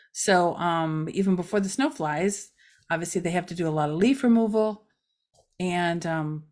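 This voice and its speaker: A middle-aged woman with a lowish voice hosts a casual community update for a local news site. She's chatty and rambling, with plenty of filler words.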